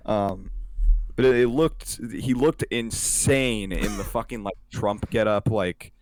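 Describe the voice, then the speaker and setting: A young man chats loosely on a podcast, his voice sitting a little low. He rambles, swears freely and leans on fillers. The sound is close and dry with no room in it. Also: slow pace, no echo, faint music behind. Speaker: podcast co-host. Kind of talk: casual chat.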